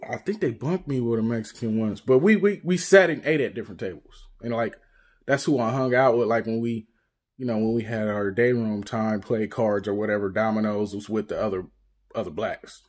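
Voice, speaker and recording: A man's voice: mid-range voice, darkish tone. Easygoing man rambling on a vlog. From Northern California. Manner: loose, rambling, full of "you know what I'm saying". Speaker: YouTube vlogger. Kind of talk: casual storytelling monologue.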